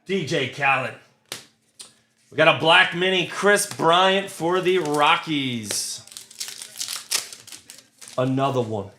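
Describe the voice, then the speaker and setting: Philly guy opening card packs live, bright voice, crude jokes, echoey room w/ faint hiss. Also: a little high, slow, long pauses. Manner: crude joking banter, reads out cards. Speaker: card break host. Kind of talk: casual live card-break commentary. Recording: roomy with faint noise.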